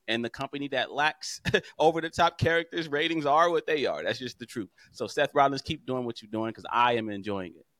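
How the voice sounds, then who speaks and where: A man co-hosting a casual podcast, ranting in an animated way and mimicking online commenters. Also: mid-range voice, no room sound, studio quality. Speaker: podcast co-host.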